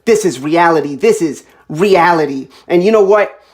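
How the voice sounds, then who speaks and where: Young woman in her 20s, tearful and impassioned, slightly low voice, solo camera confessional. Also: lively intonation, moderate pace. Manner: intense, repetitive, impassioned, swings between quiet and loud. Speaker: vlogger. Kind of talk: emotional direct-to-camera monologue.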